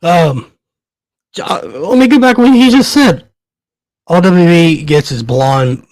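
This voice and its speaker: A man's voice: a little high, moderate pace, no room sound. A man, hosting a podcast, ranting in anger, swearing hard and stumbling over repeated words, shaking with rage. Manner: profane, heated, stammering. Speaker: podcast host. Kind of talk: angry ranting commentary.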